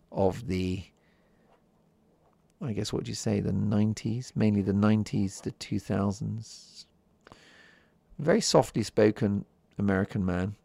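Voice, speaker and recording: A man talks through his solo podcast in a calm, unhurried chat, keeping everything soft as if the listener may be falling asleep. His voice sits low, with a gravelly fry running under it. The sound is close and dry, with no room around it. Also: no room sound. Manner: soft-spoken, chatty, drifts into whispers. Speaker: podcast host.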